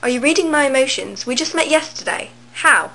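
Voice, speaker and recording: A woman's voice: sits high, expressive, a little fast, sharp tone, pitched above the performer's own voice, exaggerated voice, poor audio. Young woman reading a flustered teen girl. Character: wary teenage girl narrator, flustered. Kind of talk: reading a novel aloud.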